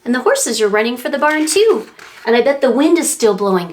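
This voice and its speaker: A woman librarian reading a picture book aloud to preschoolers, animated and sing-song, making animal and wind sounds as she goes. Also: a little high, a little fast. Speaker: children's librarian.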